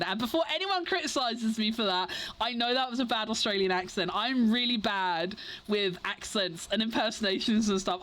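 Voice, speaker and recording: A woman's voice: on the high side, a bit bright. A young woman with an English accent, chatting casually with her stream viewers in a rambling way, full of fillers and restarts. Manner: rambling, filler-heavy, self-interrupting.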